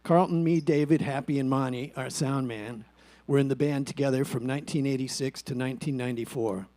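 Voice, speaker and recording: A man, a former bandmate, reading a prepared memorial tribute in a steady, reflective way with dry humor. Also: medium pitch, brisk, no room sound. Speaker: eulogy speaker, former bandmate.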